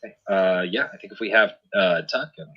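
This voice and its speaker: A man's voice: low voice, a little fast, breathy edge, highs cut off. A man hosting a tabletop game stream, chatting casually between sessions, apologetic and rambling with plenty of fillers. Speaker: host.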